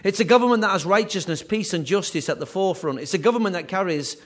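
A man preaching a sermon with emphatic, repetitive phrasing, his voice rising and falling in loudness. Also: sits high, animated, fast. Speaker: pastor.

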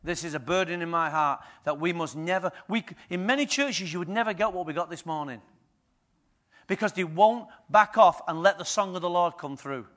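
Man, pastor, sermon, high-pitched, questions the crowd, quiet to loud. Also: fairly quick. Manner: rhetorical questions to the congregation, swinging from quiet to loud.

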